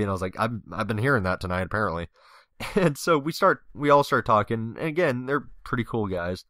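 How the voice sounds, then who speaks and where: A man's voice: fairly low pitch, fast, dry recording, clean studio sound. A young man telling a funny story over gameplay commentary, laughing and mimicking the people in it. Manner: animated, laughing, mimics voices in anecdotes.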